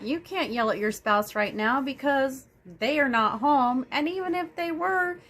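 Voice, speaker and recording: A woman vlogger talking through a self-help idea in a rambling, casual monologue, often restarting her sentences and acting out everyday stories. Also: on the high side. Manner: rambling, many restarts and fillers; animated storytelling.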